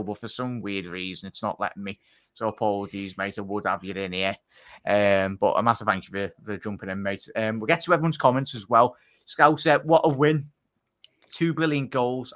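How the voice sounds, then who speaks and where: A man's voice: lowish voice, sharp tone, no room sound. A man hosting a fan live stream, thanking viewers and reading their comments. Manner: friendly, thanks viewers by name. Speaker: host.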